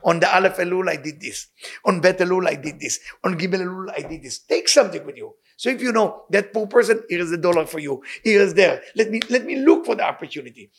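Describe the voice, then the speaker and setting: A man's voice: sits high, animated, fast, husky. A man giving a sermon in English, earnest and emphatic, with phrases. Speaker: rabbi teaching.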